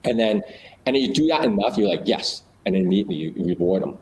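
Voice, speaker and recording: A man with a fairly low voice talks casually and explains ideas through small scenes he acts out. He often restarts sentences and leans on fillers. A faint noise sits behind his voice. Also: expressive, fast talker, creaky, darkish tone, rough recording.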